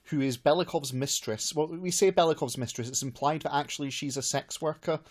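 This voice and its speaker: A man's voice: on the high side, brisk. A man hosting a podcast, recapping a film plot in casual chat with many fillers. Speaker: podcast host.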